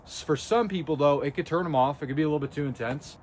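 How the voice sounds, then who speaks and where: A body language video host speaks straight to camera, coaching viewers bluntly, emphatically and intensely in a casual way. His voice is a little high and darkish in tone, he talks fast, and there's a little hiss or hum.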